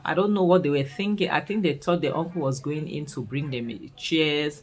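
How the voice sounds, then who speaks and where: A woman with a Nigerian accent recapping a series in casual commentary, expressive and full of scolding rhetorical questions. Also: sits low, moderate pace, few pauses, poor audio. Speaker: series reviewer.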